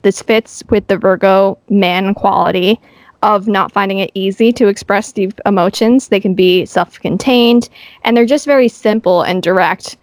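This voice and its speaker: A woman's voice: medium pitch, no room sound. A woman co-hosting a casual podcast, explaining and reading bits from a book. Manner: explanatory, reads from an astrology book. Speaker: podcast co-host. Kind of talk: casual chat, recapping a dating show.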